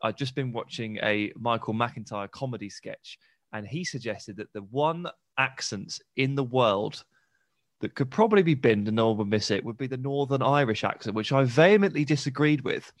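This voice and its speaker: A man's voice: mid-range voice, moderate pace, no room sound, clean studio sound. A man co-hosting a football podcast, chatty, enthusiastic and teasing. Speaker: podcast co-host. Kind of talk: casual football podcast chat.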